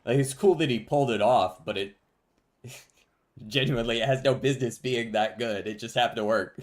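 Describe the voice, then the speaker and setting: A man casually commenting on his gameplay to a live chat, relaxed and laughing often. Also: mid-range voice, fairly quick. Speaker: streamer.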